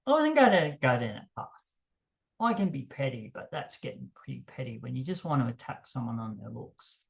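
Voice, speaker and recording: A man talking frankly to camera about dating, blunt and self-deprecating, his voice jumping higher whenever he gets worked up. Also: sing-song, a little fast, creaky. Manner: emphatic, voice jumps higher when worked up. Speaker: vlogger. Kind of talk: unscripted monologue to camera.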